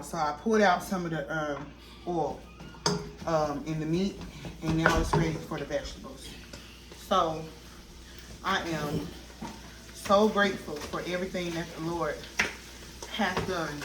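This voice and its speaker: A woman's voice: lowish voice, background noise. Heartfelt woman vlogging in an echoey kitchen. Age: 30s. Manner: heartfelt, testifying, addresses viewers as y'all. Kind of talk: casual talk while cooking. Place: home kitchen. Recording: echoey kitchen, mic at a distance, cooking sizzle. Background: frying and sizzling food.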